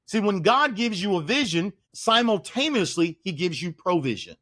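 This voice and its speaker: A man's voice: high-pitched, very animated, normal speed, fairly bright tone. A man from East Oakland, a guest on a podcast interview, speaking in an emphatic, preacherly way and repeating phrases for stress. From East Oakland, California.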